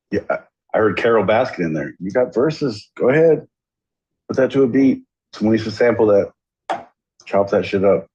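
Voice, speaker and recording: A man's voice: lowish voice, lively intonation, normal speed, a little mellow, muffled recording. A man co-hosting a podcast, hyping up his co-host like a showman in casual banter.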